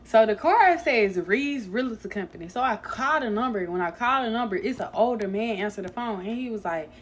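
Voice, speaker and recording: A woman's voice: on the high side, expressive, a little fast, slight background noise. A young adult woman, a hairstylist, telling a long storytime to her viewers in a loose, chatty way, swearing and calling them y'all. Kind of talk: casual storytime vlog.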